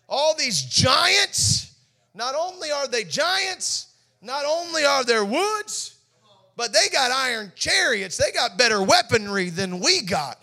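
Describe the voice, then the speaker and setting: A man preaching a sermon as pastor, swinging between quiet asides and shouted, sing-song peaks, acting out quoted voices with stammers. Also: very high voice, sing-song, takes it slowly.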